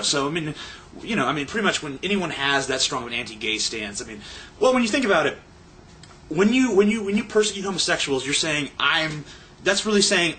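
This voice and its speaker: A man's voice: mid-range voice, sharp tone, slight background noise. Rambling, sarcastic young man ranting. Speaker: vlogger. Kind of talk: casual profane rant.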